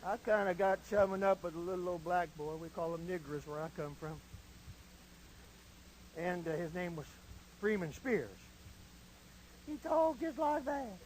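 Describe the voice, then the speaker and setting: A middle-aged man preaching in a folksy, animated storytelling manner. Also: high voice, normal speed, pauses often, slight background noise, rough recording. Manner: animated, folksy, shifts into shouting. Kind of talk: storytelling sermon.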